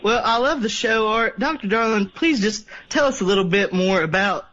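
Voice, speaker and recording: A high-pitched man calls in to a late-night radio show with a preachy, scolding tone. His voice comes through muffled and dull, like a rough call line. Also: moderate pace, pushed and bright. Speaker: caller.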